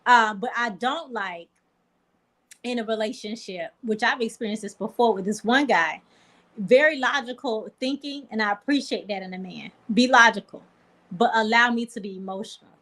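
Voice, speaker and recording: Woman panelist, earnest, reflective, fairly high voice. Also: normal speed, pushed and bright. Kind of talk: casual panel discussion.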